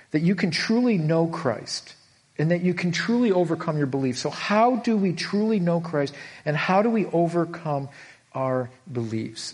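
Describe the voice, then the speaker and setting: A man's voice: medium pitch, darkish tone. A middle-aged man preaching an earnest sermon, often acting out the voices he quotes. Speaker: pastor.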